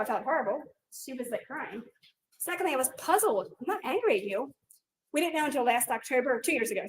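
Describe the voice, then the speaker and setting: A woman in her forties, a teacher giving a workshop talk in a dynamic, animated way, sometimes loud. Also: high-pitched. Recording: echoey room, distant mic, faint noise.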